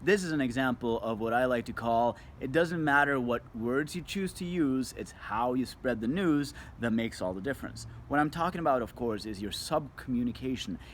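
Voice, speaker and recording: Expressive male communication coach. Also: medium pitch, moderate pace, hardly any pauses, slight background noise. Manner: expressive, shifts emphasis and tone to demonstrate. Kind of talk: scripted video talk to camera.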